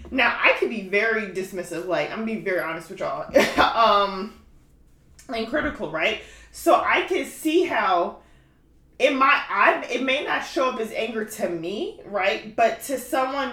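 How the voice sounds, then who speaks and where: A woman's voice: a little high, a bit bright. Chatty woman podcaster in an echoey room. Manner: chatty, fillers of like and you know what I mean. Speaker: podcast host. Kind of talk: casual chat. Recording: roomy echo.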